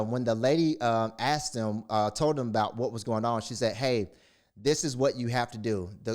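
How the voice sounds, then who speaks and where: A man's voice: medium pitch, darkish tone. Man telling a story, lots of fillers. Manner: storytelling, retelling quotes with many fillers and restarts. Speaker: motivational speaker. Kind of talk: casual monologue.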